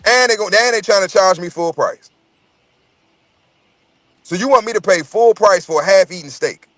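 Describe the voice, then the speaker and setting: A man's voice: high voice, normal speed, fairly bright tone, no echo. Profane, rambling man telling stories. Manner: profane, rambling storytelling with repeated words. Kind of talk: casual chat.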